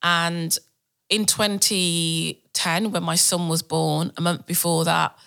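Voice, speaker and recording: Woman, thirties, guest storyteller with a bright, fairly low voice. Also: slow, gravelly. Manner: animated storytelling with laughs and acted quotes. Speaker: podcast guest, entrepreneur. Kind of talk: casual interview talk.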